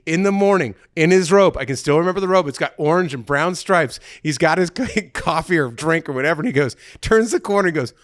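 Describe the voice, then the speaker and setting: A man hosting a podcast, telling a self-mocking story in a casual, animated way. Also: fairly high pitch, fairly quick, few pauses, no room sound, clean studio sound. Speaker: podcast host.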